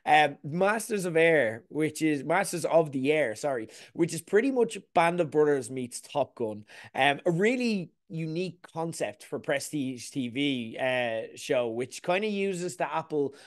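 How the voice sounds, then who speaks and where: A man's voice: fairly high pitch, animated, unhurried, hardly any pauses. A man reviewing TV shows in a casual, rambling chat full of asides.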